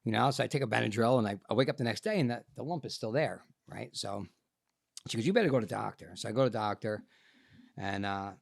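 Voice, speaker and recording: A middle-aged man, a podcast guest telling his story in an animated way and acting out what people said. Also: on the low side, quick pace, vocal fry, no echo, clean studio sound. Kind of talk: storytelling interview.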